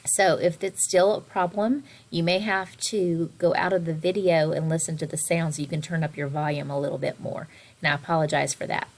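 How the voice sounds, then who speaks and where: In a recorded online music class for kids, a low-pitched woman teaches expressively, drawing out some words and whispering others to stress them.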